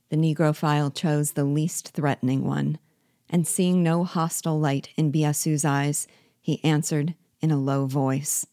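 A woman reading a classic novel aloud in a measured, steady way. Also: sits low, no echo, clean studio sound. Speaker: book reader and guide.

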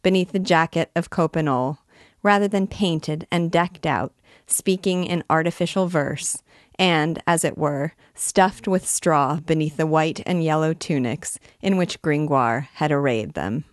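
A woman reading a classic novel aloud in a measured, expressive way. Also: deep voice, dry recording, studio quality. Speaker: reader and teacher.

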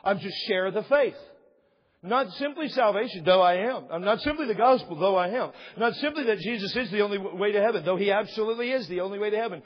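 A man preaching a sermon as pastor, impassioned and rising in emphasis, with a voice that is wearing out and husky. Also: high voice, quick pace, in a large hall, dull audio. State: losing his voice. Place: church sanctuary.

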